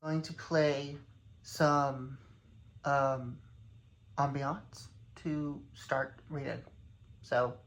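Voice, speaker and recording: A woman's voice: very deep voice, little pitch movement, extremely slow, pauses often. A young woman chatting casually on her reading vlog, indignant and swearing, often repeating herself. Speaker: book vlogger.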